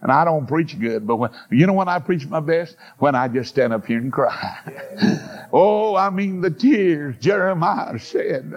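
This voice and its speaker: An older male preacher delivers an impassioned sermon on a dull, lo-fi recording. His fairly high voice climbs into shouted, stretched-out cries between folksy stories. He keeps pushing his listeners with repeated calls to listen. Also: expressive. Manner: impassioned, swings into high shouted bursts with drawn-out words; storytelling with fillers and repeated "listen to me".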